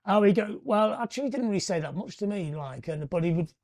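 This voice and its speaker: A middle-aged man from northwest England is a guest in a live on-stage interview, telling rambling anecdotes and ending his points with questions. His voice is high, fast, and animated with a darkish tone, captured in a dry, studio-quality recording.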